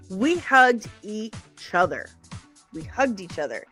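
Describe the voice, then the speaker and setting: A woman's voice: medium pitch, expressive, a little slow, long pauses, fairly bright tone, soft background music. A woman hosting a livestream in a rambling, chatty way, tired after a long day of travel and laughing often. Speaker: livestream host. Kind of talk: casual chatty stream talk.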